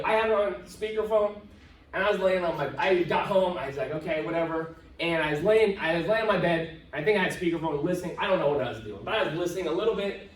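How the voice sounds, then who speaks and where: A man giving a live motivational talk to an audience in a conference room, telling stories in a joking, self-deprecating way. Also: sits high. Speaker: motivational speaker. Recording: echoey room, voice from far off.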